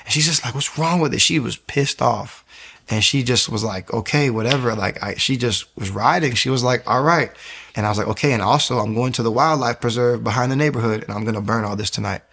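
A man giving an emotional personal testimony as an interview guest, telling his story quickly and acting out what people said. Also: medium pitch, creaky, slightly rough. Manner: fast, animated storytelling, acting out quotes.

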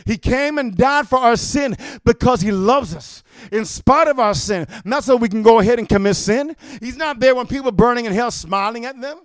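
A man delivers a fiery sermon in a high, smooth, resonant voice. He keeps checking in with "amen?" and works himself up to shouting. The sound is dry and close. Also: normal speed, few pauses, no room sound. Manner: punctuates with "amen?", builds to shouting. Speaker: preacher.

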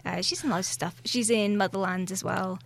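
A woman's voice: medium pitch, a little fast, gravelly. A woman hosting a radio show in casual chat, running through birthdays. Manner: chatty, reads out birthdays.

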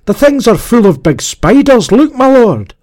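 A gaunt horseman screams warnings in a high, frantic voice, as a narrator puts him on. He is plainly terrified, his voice pushed far above the reader's usual low register in this audiobook scene. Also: big pitch swings, measured pace, full character voice. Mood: alarmed. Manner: yelling in alarm. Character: panicked gaunt male rider.

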